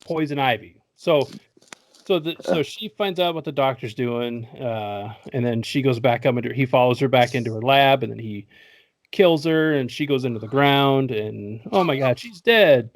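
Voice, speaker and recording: A man's voice: medium pitch, normal speed, no room sound. A man hosting a casual podcast, recapping a movie in a joking, profane way and laughing often. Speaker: podcast host.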